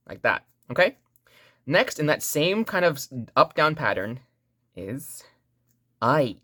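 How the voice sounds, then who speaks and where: A woman's voice: low-pitched, very animated, takes it slowly, long pauses, fairly bright tone, no room sound, clean studio sound. A woman teaching a language lesson online in a playful, joking way, repeating sounds for learners to say back.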